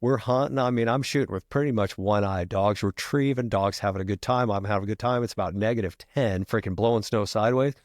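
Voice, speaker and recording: A middle-aged retired firefighter telling a long story as a podcast guest, casual and profane, peppering every sentence with "freaking". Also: male voice, on the low side, quick pace, few pauses, dry recording, clean studio sound.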